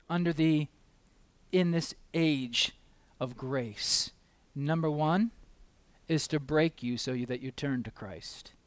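A man preaching a sermon with passion, questioning his listeners again and again and swinging from loud emphatic peaks down to quiet asides. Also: medium pitch, no room sound. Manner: asks the listeners many rhetorical questions; acts out the voices of people in the story.

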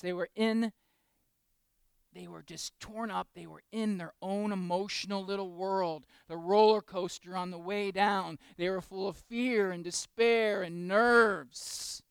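High-voiced preacher, loud then hushed. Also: male voice, fairly even intonation, creaky, smooth, no echo. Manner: swings from loud, slow emphasis to soft, intimate asides; talks directly to the congregation with questions. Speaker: pastor. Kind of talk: sermon.

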